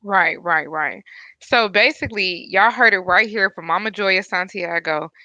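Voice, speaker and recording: Bright-voiced woman host, muffled dry audio. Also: mid-range voice, a little slow, dry recording. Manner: affirming, earnest. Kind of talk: conversational interview. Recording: slightly muffled, dry sound.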